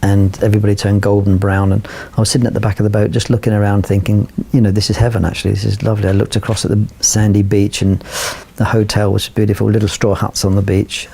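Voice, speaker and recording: Older man from London spinning a rambling yarn, quick and gravelly, low voice. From London, England. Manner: rambling, animated, many fillers and restarts. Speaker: photographer guest. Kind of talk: anecdotal storytelling.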